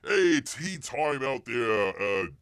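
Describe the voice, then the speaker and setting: A man's voice: mid-range voice, big pitch swings, takes it slowly, gravelly, a bit bright, smooth, no room sound, clean studio sound, exaggerated voice. A man putting on an over-the-top fake Cockney accent as a jokey British greeter, in an exaggerated singsong way. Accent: mock Cockney English.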